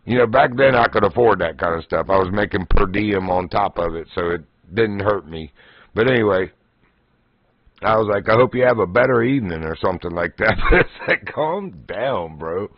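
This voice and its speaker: A man's voice: on the low side, fairly quick, a little hiss or hum. A man hosting a livestream, telling casual stories in a folksy way and often laughing as he talks. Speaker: livestream host. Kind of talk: casual storytelling. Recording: dull, dry lo-fi stream audio.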